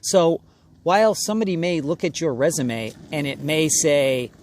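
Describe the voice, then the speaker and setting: A man's voice: fairly high pitch, animated, normal speed, a little hiss or hum. A man coaching actors in an emphatic, conversational way, often acting out brief voices of casting people. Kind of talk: direct-to-camera acting advice.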